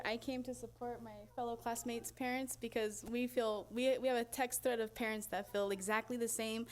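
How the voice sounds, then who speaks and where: A woman speaking as a parent in public comment at a school board meeting, earnest and pleading, close to tears. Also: on the high side.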